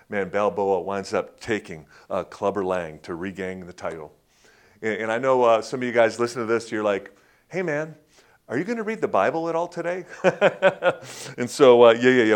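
Speaking like he's in conversation, a pastor gives a sermon riddled with fillers and false starts. He dramatizes quotes by raising his voice in both pitch and volume.

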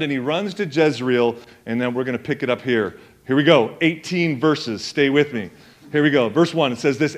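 Chatty pastor preaching to a congregation. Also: male voice, medium pitch. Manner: conversational, jokey, lots of fillers, quick asides to the congregation. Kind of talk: sermon. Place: church in front of a congregation.

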